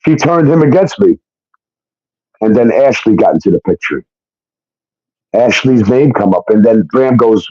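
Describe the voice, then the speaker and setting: A man's voice: fairly low pitch, expressive, moderate pace, long pauses, a little mellow. Heated man telling a story, lo-fi. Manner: heated, swearing, acts out quotes. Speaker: guest telling his story. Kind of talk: casual storytelling. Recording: dull lo-fi sound.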